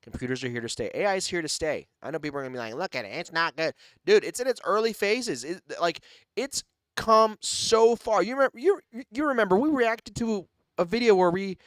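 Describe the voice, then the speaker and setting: A young man chatting casually as a podcast co-host, animated and quick to laugh. His voice sits a bit high and swings widely in pitch. The sound is dry and close, with no room around it. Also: no echo. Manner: animated, laughs often, slangy with "bro" and "dude". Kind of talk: casual chat.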